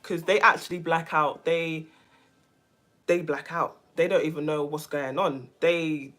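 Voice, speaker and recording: Emphatic woman vlogger with a low voice. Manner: animated, emphatic, repeats phrases for stress. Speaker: vlogger, self-care coach. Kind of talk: casual chat to camera.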